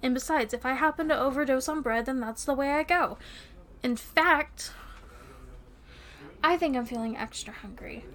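A woman's voice: high voice, moderate pace, pauses often, a bit bright. A woman playing a playful, teasing young girlfriend in a romantic audio role-play, giggling often.

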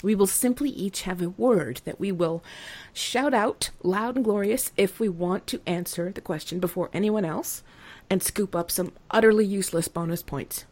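A woman's voice: mid-range voice, moderate pace. A woman hosting a playful comedy podcast quiz, joking and laughing as she runs the game. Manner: playful, giggly, lively. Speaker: quiz host. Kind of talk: casual comedic podcast chat.

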